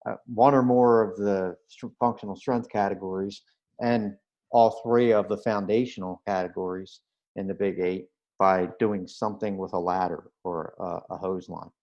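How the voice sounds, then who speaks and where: A man speaks in a fairly low voice, explaining with earnest detail and a touch of dry humor. The recording sounds a bit dull and lo-fi. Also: fairly even intonation, moderate pace, darkish tone. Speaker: guest, fitness author. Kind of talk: podcast interview.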